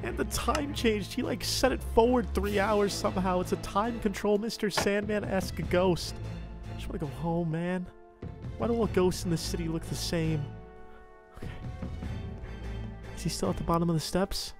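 A man narrating his own game roleplay in an excitable way, often yelping and panicking as things chase him. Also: high voice, moderate pace. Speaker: gamer doing a roleplay. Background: game music.

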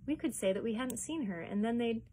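A woman's voice: on the high side, lively intonation, brisk, dark tone, breathy edge, voice pushed up. A woman reading a storybook aloud and voicing a hopeful young boy who pleads in a rush of words. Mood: eager pleading. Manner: eager, words racing, pleading.

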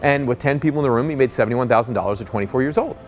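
An energetic man teaching how to sell, a business coach who drives each point home with stories. His pitch sits in an ordinary middle range, and a faint bed of music plays behind his voice. He slips into the voices of the people in his anecdotes. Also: rapid-fire. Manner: energetic, storytelling, acts out quoted voices. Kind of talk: motivational sales lesson.

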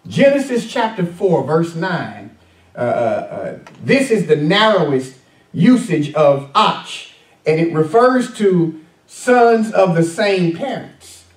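A man's voice: fairly high pitch, very animated, slow pace. Middle-aged-sounding male pastor preaching in an echoey church. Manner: conversational preaching with many fillers and audience questions. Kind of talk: sermon. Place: church sanctuary. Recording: echoey church room, mic at a distance.

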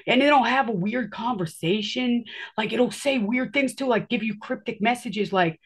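A woman with a husky, slightly rough voice tells a personal story in a loose, rambling way. She leans on filler words and acts out what people said as she goes. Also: a little high, moderate pace, few pauses, fairly bright tone.

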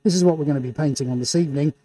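Man, live art stream host, mellow tone, excitable showman, muffled by face mask, indoor studio. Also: on the high side, racing, dry recording. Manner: hyped, showman-like, reading out viewer shout-outs. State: talking through a face mask. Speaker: livestream host and painter.

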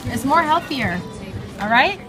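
A woman's voice: high voice, big pitch swings, a little slow, over loud music. A young woman, chatting and teasing her family on a handheld camera at a restaurant dinner, playful and bossy. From Canada. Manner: playful, teasing, bossy mom talk with frequent laughs. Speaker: vlogger. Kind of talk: casual family vlog chat.

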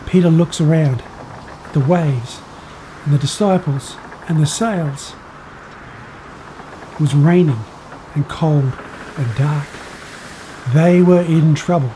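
A man telling a Bible story to children in an expressive, storytelling way. His voice sits fairly high for a man. Faint noise hums behind him. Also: takes it slowly, pauses often, low-quality recording.

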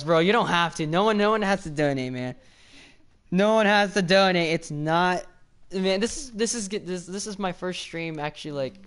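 Excitable young male livestreamer. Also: fairly high pitch, clear, resonant tone. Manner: excited, repetitive thanks with many restarts. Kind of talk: casual live-stream chat.

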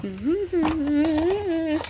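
A woman's voice: very high voice, big pitch swings, extremely slow, very noisy. A woman vlogger acting out casual, chatty doll scenes with frequent sighs. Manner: casual, sighing, chatty dialogue between toys.

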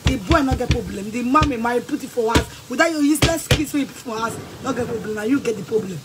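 A woman with a Nigerian accent, ranting angrily and scolding someone in bursts of shouting and threats. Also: fairly high pitch, fast, heavy background noise. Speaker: vlogger. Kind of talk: angry rant to camera.

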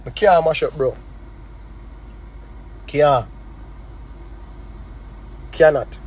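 A man with a Jamaican accent addresses someone directly over a phone livestream, speaking heated patois full of repetition and rhetorical questions. His voice is slightly husky and sits a little high for a man, and he presses his points with fervour. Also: drawn-out words, a little mellow, low-quality recording. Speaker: artist on a live stream.

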